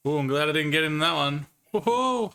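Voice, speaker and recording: Man, live game streamer, casual chatter with viewers, slightly high pitch, sharp bright tone. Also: animated, brisk, smooth, faint music behind. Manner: chatty, reacts to chat, swears casually. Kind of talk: live-stream gaming commentary.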